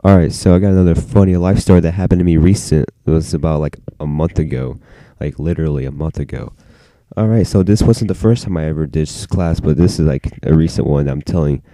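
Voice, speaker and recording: A man's voice: sits low, fast, few pauses, mellow, no room sound, rough recording. A teenage boy vlogger telling a story from his own life in a casual, rambling way, full of "like" fillers. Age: teens.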